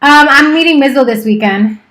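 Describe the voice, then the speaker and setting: Woman, thirties, casual streamer, teasing, swears, high voice, echoey room. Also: brisk, a bit bright. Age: 30s. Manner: playful, teasing, swears freely. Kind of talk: casual live-stream chat. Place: office.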